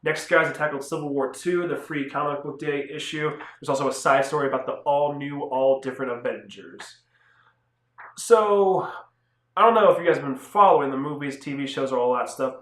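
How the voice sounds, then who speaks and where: A man's voice: mid-range voice, a bit bright. A young man casually reviewing comic books on his channel, talking loosely with lots of fillers and restarts. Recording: echoey room.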